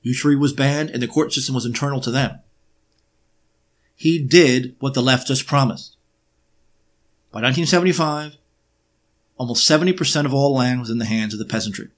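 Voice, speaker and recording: A man's voice: mid-range voice, fairly quick, long pauses. Man lecturing with sarcastic rhetorical questions. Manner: frequent filler hesitations. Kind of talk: lecture-style monologue.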